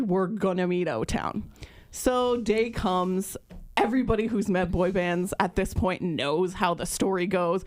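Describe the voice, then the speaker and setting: A woman in her thirties co-hosting a podcast, telling a story in a lively, casual way and acting out what other people said. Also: medium pitch. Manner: lively storyteller who acts out quoted voices. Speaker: podcast co-host.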